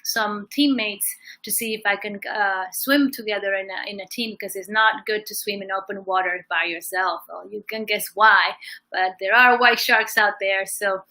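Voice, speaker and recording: Bright-voiced woman chatting on a livestream. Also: mid-range voice, fairly even intonation, normal speed, rough recording. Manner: chatty, fluent storytelling with occasional fillers. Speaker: singer and life coach hosting a livestream. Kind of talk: casual livestream talk.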